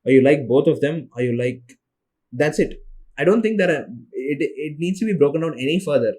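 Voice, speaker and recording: A man's voice: fairly high pitch, lively intonation, fairly quick, a little mellow, breathy edge. A young man whose first language is Tamil, hosting a solo podcast and rambling on tiredly, with many restarts. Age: young adult. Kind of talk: casual monologue.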